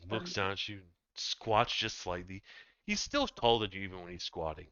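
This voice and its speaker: A man narrating as game master of a tabletop game, halting with many ums and restarts, in dull, dry lo-fi audio. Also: low voice, sing-song, crowd noise.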